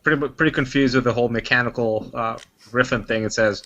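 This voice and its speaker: A man playing a tabletop game, speaking in a casual, halting way. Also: medium pitch, steady tone, sharp tone. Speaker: player.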